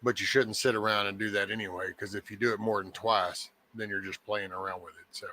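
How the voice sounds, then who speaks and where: A man's voice: lowish voice, fairly even intonation, a little fast, hardly any pauses, sharp tone. A man hosting a casual morning chat show who talks in a folksy, meandering, joking way. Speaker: host of a daily live show.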